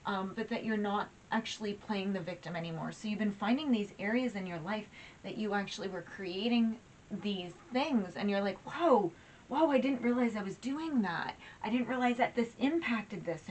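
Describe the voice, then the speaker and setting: A woman's voice: mid-range voice, slight background noise, low-quality recording. A woman giving a casual, chatty tarot reading, emotional and a little teary, with lots of fillers and restarts. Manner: chatty and warm-hearted, many fillers and restarts. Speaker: tarot reader.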